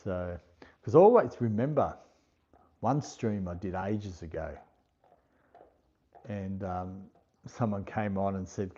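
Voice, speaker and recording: In a lowish, dark-toned voice, an Australian man hosts a casual livestream at a slow, unhurried pace. He reads out comments from viewers and thanks each of them by name. The stream audio is dull and lo-fi.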